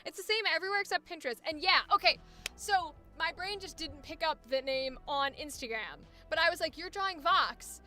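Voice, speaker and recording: A woman's voice: high voice, brisk, pushed and bright. A woman voice actor chatting casually on a live stream, swearing freely and laughing easily, with faint music playing behind her. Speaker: voice actor streaming a coaching session. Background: faint background music.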